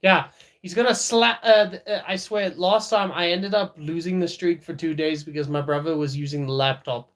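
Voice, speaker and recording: A man's voice: fairly high pitch, fairly even intonation, moderate pace, fairly bright tone. A man streaming live, chatting casually with viewers, laughing often and talking to his dog.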